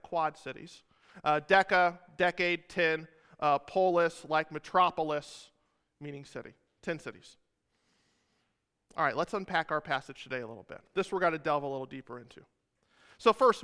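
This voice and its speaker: A man's voice: high voice, sharp tone, smooth, in a large hall. A man preaching a sermon as a pastor, retelling scripture in a casual way with joking asides to the congregation.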